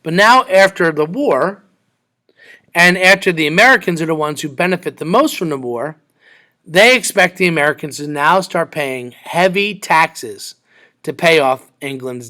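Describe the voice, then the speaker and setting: Bright-voiced man teaching history. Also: on the high side, animated, measured pace. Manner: conversational, acts out quoted exchanges. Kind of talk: classroom history lesson.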